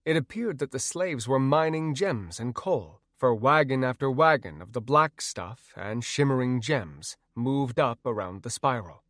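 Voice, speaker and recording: In clean studio sound with no room noise, a man reads a first-person audiobook. His medium-pitched delivery is measured and even, like a steady storyteller.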